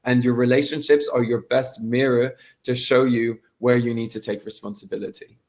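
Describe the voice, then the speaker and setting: A man's voice: mid-range voice, steady tone, moderate pace, darkish tone. A man talking as a guest coach in a casual podcast conversation. He is emphatic and blunt and speaks in bursts of questions.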